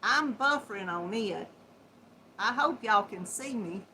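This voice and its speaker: A woman with a Southern Georgia accent hosts a casual yarn chat livestream from home, seated at a computer and using its built-in laptop microphone. Her mid-range voice has lively intonation, and she's slow and chatty, laughing often and greeting viewers warmly and folksily as hon and sweetheart. The audio is poor, with a little hiss or hum.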